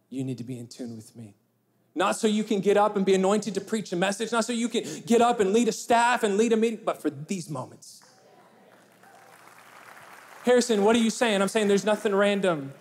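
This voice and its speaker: Animated young pastor preaching. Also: male voice, a little high. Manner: animated storyteller, acting out dialogue. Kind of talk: sermon with storytelling.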